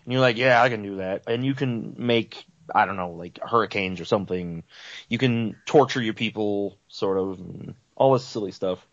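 A man's voice: lowish voice, normal speed, no echo. Easygoing male co-host, dry lo-fi sound. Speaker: podcast co-host. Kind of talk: casual chat.

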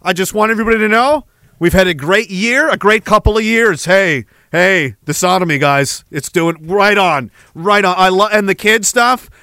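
A cheery, boastful male devil who brags like a game-show announcer to a crowd of demons, as a man puts him on. The voice sits high and bright. It has a showy, excited bounce. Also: normal speed, dry recording. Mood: gleeful bragging.

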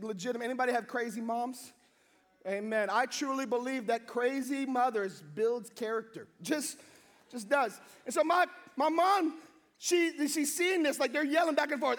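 A young male pastor whose voice sits unusually high. He preaches in a lively storytelling way and acts out quotes. Every so often he bursts into a shout to drive a point home. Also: normal speed. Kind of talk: sermon with comic storytelling.

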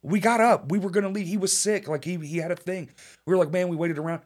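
Profane, animated man hosting a podcast. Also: sits high, fast talker. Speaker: podcast host. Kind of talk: casual chat.

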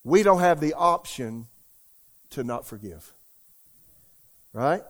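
A man's voice: a little high, lively intonation, takes it slowly. An older man, preaching a sermon in a folksy, emphatic way and asking the congregation questions. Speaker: pastor.

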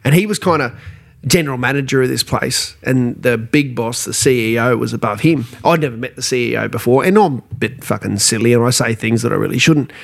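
A man's voice: mid-range voice, fairly quick, gravelly. An Australian man telling a story as a podcast guest, blunt and self-mocking, swearing freely. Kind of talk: casual storytelling.

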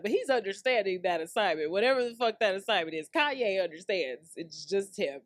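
A woman's voice: medium pitch, brisk, no echo. Woman doing a solo podcast rant, slangy AAVE, laughs a lot, dry close mic. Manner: chatty, laughs often, slangy and animated. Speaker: podcast host.

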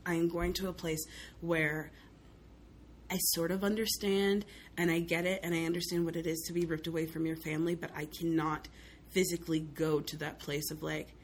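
Southern woman guest, lively storyteller, does little voices, slight hiss behind. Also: on the low side. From Southern United States. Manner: animated storyteller, acts out quoted voices, laughs often. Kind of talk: casual chat.

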